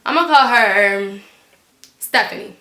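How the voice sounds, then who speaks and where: A teenage girl telling a storytime on her vlog, animated and blunt, swearing freely. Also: on the high side, normal speed, reverberant. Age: teens. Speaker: vlogger.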